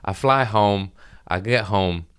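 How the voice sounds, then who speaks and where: A man's voice: on the low side, slow, a bit bright, clear, resonant tone. A man hosting his podcast in a casual, rambling way, tired and self-mocking, swearing freely. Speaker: podcast host. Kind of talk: casual chat.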